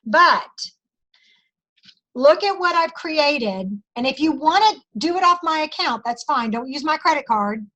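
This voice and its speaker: A woman's voice: sits high, fairly bright tone. A middle-aged woman training her sales team over a video call, chatty and emphatic as she acts out conversations with customers.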